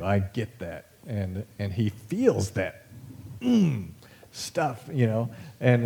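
A man's voice: mid-range voice, darkish tone. A man preaching a sermon in a casual, conversational way, full of asides, fillers and folksy remarks. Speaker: pastor.

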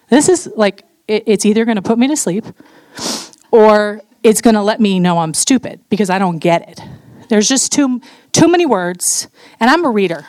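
A woman tells her faith story to a room of women in an animated, candid way, moving between earnest moments and playful asides and laughing often. Her voice sits at a middle pitch, and the recording is dry and close. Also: no room sound. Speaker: speaker sharing her testimony. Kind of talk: testimony talk to a women's audience.

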